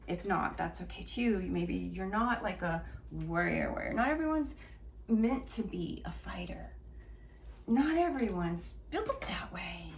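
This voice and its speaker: A woman's voice: mid-range voice, gravelly. A middle-aged woman reading oracle cards in a casual spiritual chat, rambling and emotional and often trailing off and restarting. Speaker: oracle card reader. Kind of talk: casual spiritual channeling talk. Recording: far from mic, faint noise.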